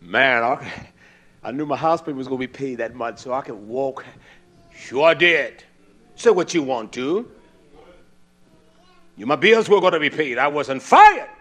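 An older man preaching a sermon, telling stories in an animated way and acting out the voices of the people in them. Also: medium pitch, measured pace, pauses often.

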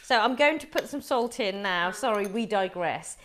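A woman's voice: mid-range voice, animated, moderate pace. A middle-aged woman from Wolverhampton, England, hosting a live cooking show and chatting to viewers as she explains each step.

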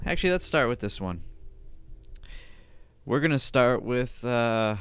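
A man hosting a casual solo podcast, reading online posts aloud with offhand mumbled asides and sudden loud, silly outbursts. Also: mid-range voice, expressive, measured pace, long pauses, clear, resonant tone, no room sound. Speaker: podcast host.

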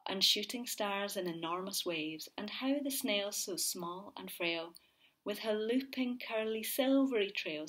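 A woman teacher reading a picture book aloud to young children, slow and gentle, often dropping to a whisper. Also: medium pitch, husky. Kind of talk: read-aloud storytelling for children.

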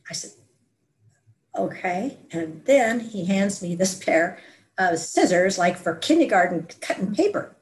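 A woman who is a podcast guest tells a personal story in a lively, self-mocking way, laughing now and then. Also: mid-range voice, unhurried.

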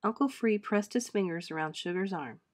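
A woman teacher reading a children's storybook aloud, expressive, lifting her voice for the characters' lines and dropping it softly for narration. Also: normal speed. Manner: expressive, voices characters with pitch lifts and soft drops.

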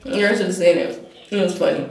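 A woman's voice: fairly low pitch, brisk, creaky, a little mellow, roomy sound, far from the mic, low-quality recording. A woman in her twenties chatting casually for her vlog, laughing and teasing as she goes. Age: 20s. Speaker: vlogger.

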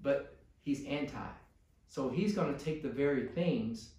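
A man's voice: medium pitch, unhurried, distant mic, background noise. A man preaching a sermon as pastor to his congregation, building to pleading intensity. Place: church sanctuary. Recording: echoey church room.

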